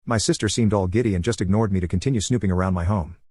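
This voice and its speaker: A man reading a first-person online story aloud in a brisk, even storytelling manner, close to the mic in a dry booth. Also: sits low, husky, dry recording.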